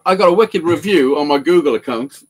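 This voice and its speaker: A man who repairs guitars, telling a story in casual live-show chat with lots of swearing and excitement. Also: on the high side, brisk, husky.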